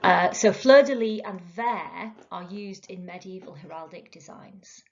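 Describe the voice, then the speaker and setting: A woman's voice: mid-range voice, unhurried. A woman teaching a recorded literature lesson, explaining step by step with frequent ums and uhs. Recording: dull lo-fi recording.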